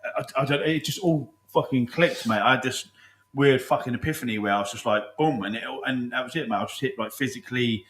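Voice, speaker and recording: A man's voice: medium pitch, brisk, a bit bright, echoey room, low-quality recording. A man telling army stories in casual chat, swearing often and laughing as he goes. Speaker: podcast host.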